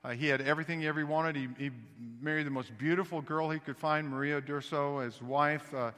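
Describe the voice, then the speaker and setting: A man from the American South with a Southern accent, preaching a sermon as pastor and telling a story with animated restarts. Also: on the high side, brisk, big-room sound. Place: church sanctuary.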